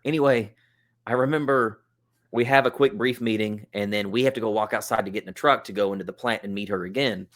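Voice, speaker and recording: A man, a podcast guest, telling a funny story in a relaxed, chatty way, with plenty of "like" and "uh". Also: lowish voice, quick pace. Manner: relaxed, chatty, with lots of fillers like "like" and "uh". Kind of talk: casual storytelling.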